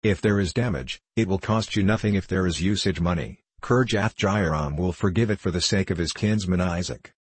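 A man voicing an anxious, pleading male merchant, earnest and hurried, in an audiobook reading. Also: low-pitched, husky, no room sound. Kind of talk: audiobook character voice.

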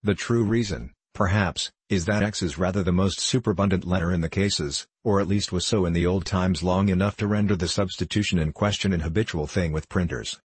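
Deep husky male story narrator. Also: no room sound. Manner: measured, formal storytelling. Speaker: audiobook reader.

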